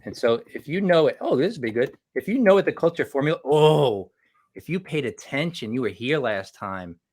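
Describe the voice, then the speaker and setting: A man's voice: mid-range voice, expressive, moderate pace, a little mellow. A man co-hosting a live online business show, chatting casually, laughing often and greeting viewers by name. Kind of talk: casual live-stream chat.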